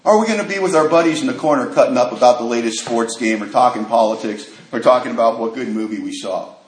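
A man speaking to an audience at a recovery meeting, telling a personal story with lively acted-out dialogue. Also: mid-range voice, fast. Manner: animated storyteller acting out quoted dialogue. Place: large meeting hall. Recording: echoey hall with faint noise.

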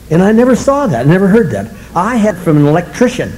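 A man's voice: high voice, sing-song, brisk, hardly any pauses, a little mellow, slight background noise, poor audio. An older man speaking to a recovery meeting audience, blunt and self-mocking, chuckling as he tells his story. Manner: wry, self-mocking humor, chuckling often; blunt, colorful language.

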